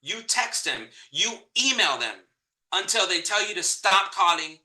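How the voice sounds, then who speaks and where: A man teaching a live real estate training, energetic and repeating key points for emphasis. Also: high voice, unhurried, reverberant, low-quality recording. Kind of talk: live online training talk.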